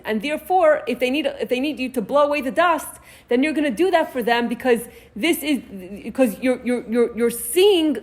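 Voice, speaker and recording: Middle-aged woman leading a class, kinda high voice, stops and restarts a lot. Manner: halting, with many restarts and repeated words. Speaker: Torah class leader. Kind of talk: casual discussion class.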